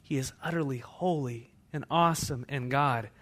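A pastor preaching a sermon, moving between hushed, intimate passages and loud, fervent scripture readings. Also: male voice, mid-range voice, normal speed. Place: church.

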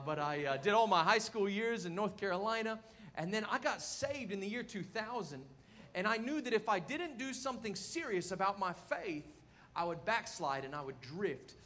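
A man, preaching a sermon as a guest in a casual, joking, energetic way. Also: high-pitched. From California, USA.

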